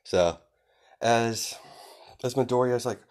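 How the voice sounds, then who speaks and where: A man's voice: medium pitch, slow pace, a little mellow. A man casually improvising a fan story, rambling with lots of fillers and frequent chuckles.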